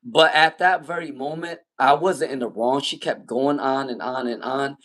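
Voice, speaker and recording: A man in his thirties telling a personal story in casual monologue, emphatic and animated, often repeating his points. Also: medium pitch, normal speed. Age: 30s. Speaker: tarot channel host.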